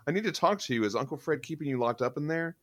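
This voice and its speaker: A man's voice: fairly high pitch, expressive, fast talker, pitched above the performer's own voice, close to an everyday voice. A man voicing a determined young girl who reads her lines aloud from a comic book in a raised, earnest, pleading voice.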